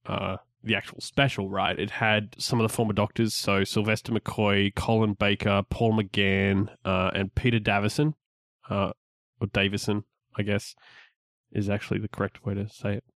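A man's voice: fairly low pitch, level tone, moderate pace, fairly bright tone, no room sound, studio quality. A man co-hosting a casual geek podcast, opening in an upbeat way, then rambling with many restarts. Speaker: podcast co-host.

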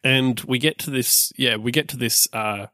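A man from Australia in casual conversation, talking haltingly and repeating words as he finds his point. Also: medium pitch, sharp tone, dry recording, clean studio sound. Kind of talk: casual travel chat.

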